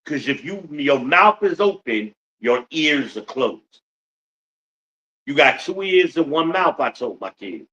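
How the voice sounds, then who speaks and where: Bright-voiced man ranting on a podcast. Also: fairly high pitch, sing-song, takes it slowly, dull audio. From United States. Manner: blunt, profane, rhetorical questions to the audience. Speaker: podcast host. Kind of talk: profane ranting monologue.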